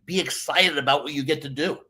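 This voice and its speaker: Energetic hypnotist guest, male, slightly higher voice, acts out the characters in his stories. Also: fairly quick. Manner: animated storyteller, acts out voices. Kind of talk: casual interview chat.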